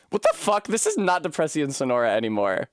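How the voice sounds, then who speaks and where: A man's voice: a little high, sing-song, fairly quick, clean tone, no room sound, clean studio sound. A man live-streaming from a room at home, chatting casually with his viewers, laughing often and swearing freely. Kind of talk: casual live-stream chat while gaming.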